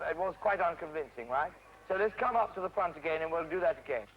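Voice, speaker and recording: A man directing actors at an outdoor play rehearsal, stopping them briskly to correct their delivery and staging. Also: on the high side, lively intonation. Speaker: drama teacher directing a rehearsal. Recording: dull, faintly noisy 1970s archive recording.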